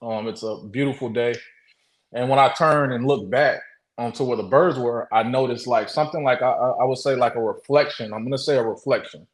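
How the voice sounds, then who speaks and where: A man guest telling a story in casual talk. He speaks haltingly, with many restarts, and acts out the quotes. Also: medium pitch, roomy sound, rough recording. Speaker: interview guest.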